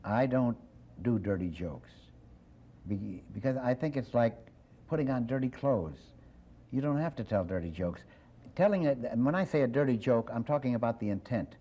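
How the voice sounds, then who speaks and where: An older man, a comedian guest, chatting in an interview as a quick, wisecracking storyteller. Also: medium pitch, expressive, mellow. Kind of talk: casual interview chat with joke-telling. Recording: dull lo-fi old TV recording.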